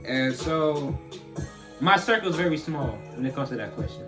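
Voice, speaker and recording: A man's voice: fairly high pitch, moderate pace, music in the background. Young man chatting casually, laughing easily. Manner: laughs often, loose and joking. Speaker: podcast co-host. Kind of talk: casual chat.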